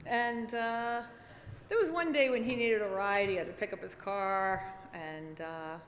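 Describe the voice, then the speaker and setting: A woman giving a chatty, halting speech at an awards dinner, with plenty of fillers and small laughs. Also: medium pitch. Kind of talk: nervous, chatty acceptance speech. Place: banquet hall at an awards dinner. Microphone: podium microphone. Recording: echoey banquet hall with faint noise.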